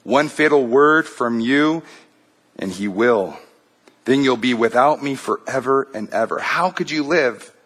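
A man's voice: medium pitch, expressive, a little slow, a bit bright, slightly rough. A man voicing a small red male lizard, a whispering tempter that pleads and coaxes. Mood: wheedling.

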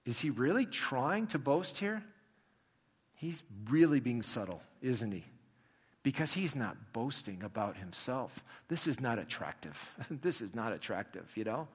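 A man gives a Bible lesson from slides, his voice a little husky at a middling pitch. He reads scripture with lively emphasis and breaks off for wry asides to the class. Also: normal speed. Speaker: Bible teacher.

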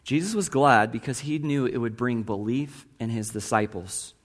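A man of middle pitch delivers a sermon in an earnest preaching manner. He poses rhetorical questions to his listeners and reads long quotations aloud. His voice sits at an ordinary pitch for a man. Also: moderate pace. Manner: asks the congregation rhetorical questions. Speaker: pastor.

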